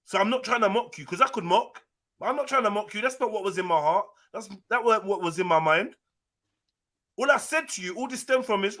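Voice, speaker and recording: A man's voice: sits high, lively intonation, a little fast, sharp tone. A man hosting a live panel, arguing heatedly, talking over the other caller and repeating himself. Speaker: live show host.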